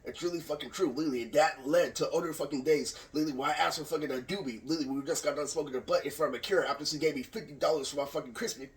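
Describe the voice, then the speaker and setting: Rambling young man, fast and profane. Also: on the high side. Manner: rambling, profane, says "literally" again and again. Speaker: vlogger. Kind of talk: casual storytelling monologue. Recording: voice distant from the mic.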